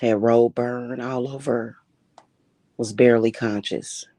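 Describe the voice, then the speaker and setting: A woman's voice: very deep voice, fairly even intonation, takes it slowly, warm tone, no room sound. A woman hosting a casual livestream as a spiritual reader, telling stories in a blunt, profane and emphatic way.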